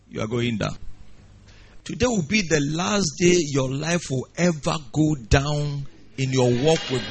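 A male pastor preaching with a husky, slightly breathy voice, sitting a little high for a man. His delivery swings widely in pitch and force, pressing some lines hard and dropping others low. He preaches in a steady sermon style. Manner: dramatic preaching with wide swings of pitch and loudness.

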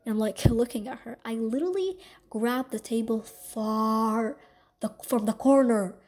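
Woman, podcast host, casual storytelling, rambling and gossipy, mellow tone. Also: a little high, a little slow. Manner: rambling, gossipy, tags sentences with "okay?" and "like".

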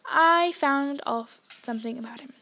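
A woman's voice: sits high, moderate pace, pushed and bright. A woman reading aloud, voicing an eager young schoolboy wizard. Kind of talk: storybook read-aloud.

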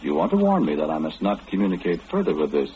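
An actor playing a calm, wry clairvoyant man who knows everything, in 1940s radio acting. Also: sits low, dull audio, a little hiss or hum. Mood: knowing. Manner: knowing, unhurried, gently mocking.

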